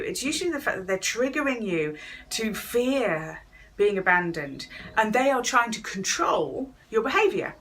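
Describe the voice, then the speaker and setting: A woman's voice: fairly high pitch, very animated, moderate pace, fairly bright tone. A woman giving a chatty talk on workplace wellness, speaking straight to viewers and acting out quoted voices along the way. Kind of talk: direct-to-camera talk to viewers.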